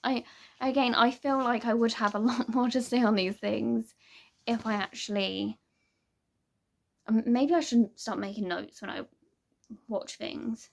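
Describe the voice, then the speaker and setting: A woman's voice: a little high, steady tone, unhurried, creaky, long pauses. A young woman vlogger chatting casually to camera, rambling and hesitant with many restarts.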